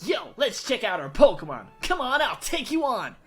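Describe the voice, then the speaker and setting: A smug teenage rival taunts with a slow, lazy drawl, as a woman puts him on. His voice sits raised and pushy. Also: fairly high pitch, big pitch swings, a bit bright, slightly rough, soft background music, voice pushed up, exaggerated voice. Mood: cocky. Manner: cocky and dismissive. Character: cocky teenage boy rival.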